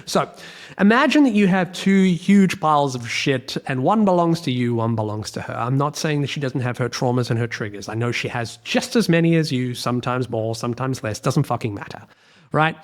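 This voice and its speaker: A man's voice: medium pitch, a little fast. An Australian man hosting a solo podcast, talking bluntly and emphatically, swearing freely and repeating his key points. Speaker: podcast host, relationship coach.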